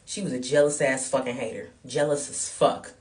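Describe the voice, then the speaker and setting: A woman's voice: very deep voice, fairly even intonation, moderate pace, far from the mic. A woman telling a storytime vlog, ranting in a blunt, profane and heated way. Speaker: vlogger.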